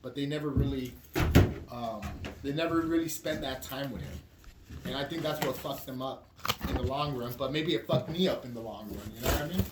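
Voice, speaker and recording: A man's voice: mid-range voice, brisk. A man as a podcast guest, talking in a profane, rambling way with frequent restarts. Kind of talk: casual candid chat. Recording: roomy echo with background noise.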